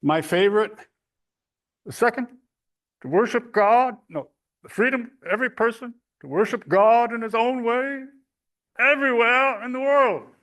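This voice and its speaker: Man doing a high, ringing presidential orator. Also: measured pace, fairly bright tone. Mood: orating. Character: old-time male president giving a radio address.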